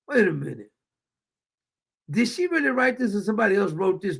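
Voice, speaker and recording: Gravelly high-voiced man ranting. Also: fairly quick, long pauses. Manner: animated, mocking, reads a statement aloud with asides. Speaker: host. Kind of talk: commentary on a news story.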